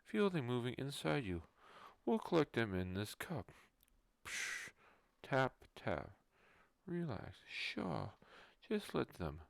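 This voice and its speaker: A man voicing a creepy male ear-cleaner who pulls bugs out of ears. It is a whispered role-play, and he says the sound effects aloud in a hushed voice. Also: medium pitch, huge pitch swings, takes it slowly, creaky, pauses often, dry recording, heavily acted.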